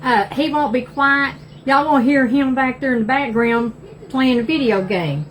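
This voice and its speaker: A woman's voice: sits high, normal speed, a little hiss or hum, rough recording. An older woman with an East Texas Southern accent, chatting folksily to viewers as she cooks live in her home kitchen. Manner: chatty and folksy, says y'all a lot. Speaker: cooking livestream host. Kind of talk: casual live cooking chat.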